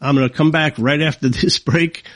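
A man's voice: fairly high pitch, fairly even intonation, normal speed, no echo. A man hosting a talk show, delivering a combative, sarcastic political monologue. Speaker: radio talk show host.

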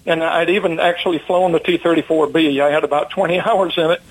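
An older man, a retired pilot, telling long stories in a relaxed, rambling way with many fillers, as an interview guest. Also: fairly high pitch, a little fast, slightly rough, low-quality recording. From United States. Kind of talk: casual storytelling interview.

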